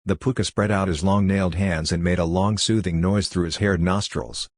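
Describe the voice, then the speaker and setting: A man narrates a novel in a measured, even reading voice, low and deep in pitch. The recording is dry and close, with no room sound around him. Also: no room sound. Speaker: audiobook narrator. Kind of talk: audiobook narration.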